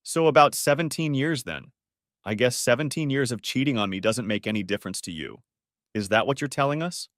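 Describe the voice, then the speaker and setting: A man voicing a betrayed husband who speaks calmly but caustically to his unfaithful wife. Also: medium pitch, brisk, no echo, studio quality, natural voice. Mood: cold. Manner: calm but cutting, caustic. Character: betrayed, coldly angry husband.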